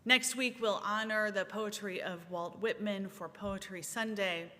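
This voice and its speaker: Slow, measured woman minister in a sanctuary. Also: fairly even intonation, bright, forceful tone. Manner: slow, measured, meditative delivery with long pauses. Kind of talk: sermon and guided centering. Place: large church sanctuary. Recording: reverberant sanctuary, faint rumble.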